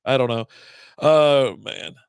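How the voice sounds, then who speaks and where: A man's voice: medium pitch, slow pace, clear, resonant tone, no echo. A middle-aged man hosting a beer podcast live stream, chatting in a rambling, laid-back way and often correcting himself. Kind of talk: casual live-stream chat.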